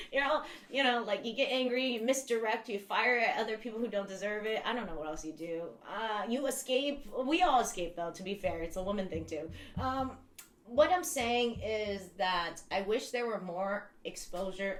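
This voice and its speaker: A woman in her thirties with a voice on the high side hosts a casual livestream chat, the sound roomy. She rambles, swears freely and laughs a lot.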